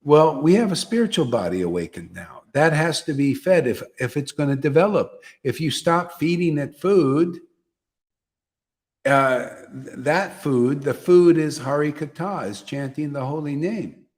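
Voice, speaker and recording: A man's voice: on the high side, animated, measured pace. A man teaching a devotional gathering, repeating phrases and often asking "see?". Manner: repetitive, emphatic, asks listeners "see?". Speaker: spiritual teacher leading satsang.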